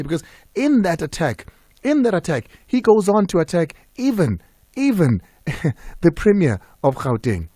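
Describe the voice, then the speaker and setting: A man hosting a sports talk radio show, measured and engaged with callers. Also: sits high, very animated, mellow, husky, dry recording, clean studio sound. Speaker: radio host.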